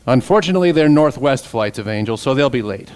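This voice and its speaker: A man's voice: mid-range voice, animated, fast, a little mellow, lightly acted. A man voicing a wisecracking male robot puppet sidekick, firing off sarcastic quips. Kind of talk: voice-over for a puppet comedy.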